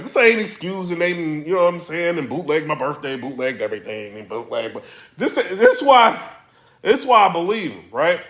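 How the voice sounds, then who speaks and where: This is a man running his own commentary vlog, loose and slangy as he unpacks the latest drama for his viewers. His pitch sits a little high and leaps around freely. The room has a clear echo to it. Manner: slangy, animated storytelling. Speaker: battle rap blogger.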